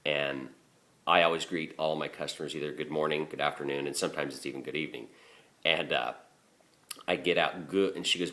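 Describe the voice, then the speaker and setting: Middle-aged working man with a deep, low voice, swearing freely and rambling through a story with ums and restarts. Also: steady tone, brisk, sharp tone. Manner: profane, rambling, with many fillers and restarts. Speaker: garbage collector. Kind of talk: casual spoken storytelling.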